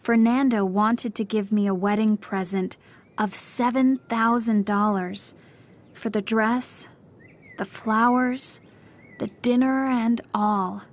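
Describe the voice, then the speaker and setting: A woman voicing a sad, soft-spoken young lady in mourning. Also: on the high side, steady tone, slow pace, voice pushed up. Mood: sorrowful.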